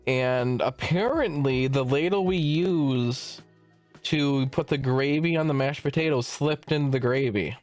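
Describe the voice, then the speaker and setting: A man's voice: mid-range voice, measured pace, no room sound, soft background music. A young man streamer casually telling a long work story, swearing freely and acting out the dialogue in it. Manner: animated, swearing, acts out quoted dialogue.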